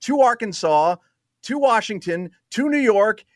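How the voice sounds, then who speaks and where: Sarcastic New radio host. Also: male voice, high voice, lively intonation, measured pace, no echo, clean studio sound. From New Jersey. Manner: sarcastic, laughs at his own jokes, cues clips. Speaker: radio talk show host. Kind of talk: opinionated radio talk.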